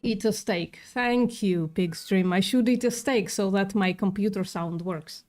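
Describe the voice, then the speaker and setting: A woman's voice: mid-range voice, unhurried, a little mellow. A woman livestreaming in casual chat, sarcastic and swearing freely, with a non-native English accent.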